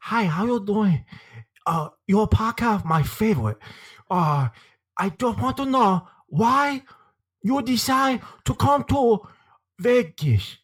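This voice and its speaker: A man playing a timid audience fan who speaks slowly and haltingly, his voice husky and raised in pitch. It is a comedy podcast bit. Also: lively intonation, heavily acted. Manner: halting, unsure. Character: hesitant male audience member at a live show.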